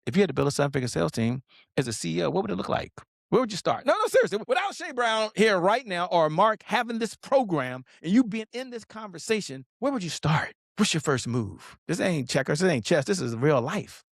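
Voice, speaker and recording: A man's voice: high-pitched, sing-song, fairly quick, vocal fry, no echo, clean studio sound. A man giving an emphatic sales talk as a business coach, often asking "okay?" and speaking straight to the viewer. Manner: emphatic, repeats "okay?", direct address to viewers. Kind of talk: animated sales teaching.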